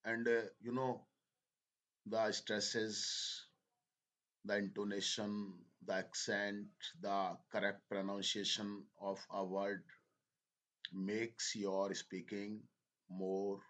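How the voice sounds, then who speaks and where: A male teacher with a lowish voice speaks to his class. He talks slowly, halts and repeats phrases as he explains. He slips into now and then. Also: monotone, a bit bright. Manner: slow, halting, repeats phrases, switches into Hindi. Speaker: English teacher. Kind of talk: slow spoken lesson.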